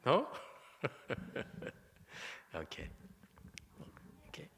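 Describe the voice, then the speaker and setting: A male monk delivers a Dharma talk at an unhurried pace, his voice bright and forward. He gets emotional and excited, jokes often and restarts his sentences. The sound carries a long reverb from a temple hall. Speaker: Buddhist monk teaching. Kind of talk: Dharma lecture.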